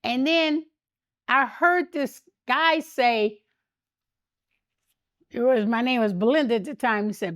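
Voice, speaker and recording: Older woman telling lively stories. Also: a little high, measured pace, long pauses, no echo, studio quality. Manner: animated anecdotes, laughs often, acts out quotes. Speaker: interview guest. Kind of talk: storytelling interview.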